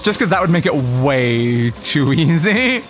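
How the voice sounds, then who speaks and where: A man's voice: fairly high pitch, sing-song, unhurried, soft background music. A man streaming a video game, chatting casually and chanting playful sing-song nonsense while he plays. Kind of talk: casual gameplay commentary.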